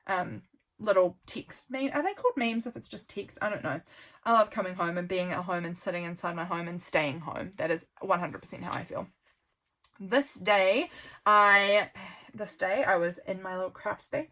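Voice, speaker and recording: A woman's voice: mid-range voice, fairly bright tone. Chatty young New woman. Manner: rambling, chatty, frequent ums. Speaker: journaling vlogger. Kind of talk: casual chatty flip-through.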